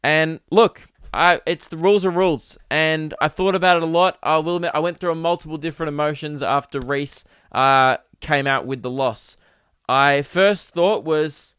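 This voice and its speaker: Animated man with a dry sound. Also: a little high, moderate pace, smooth, dry recording. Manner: animated, mock-outraged, mimics singers. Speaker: podcast host. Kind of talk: casual solo podcast rant.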